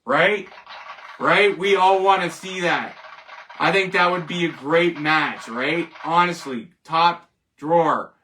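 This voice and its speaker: A man's voice: a little high, slow, bright, forceful tone, far from the mic, slight background noise. A man hosting a casual solo show, rambling, joking and laughing at his own jokes. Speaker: host. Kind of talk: casual solo wrestling commentary.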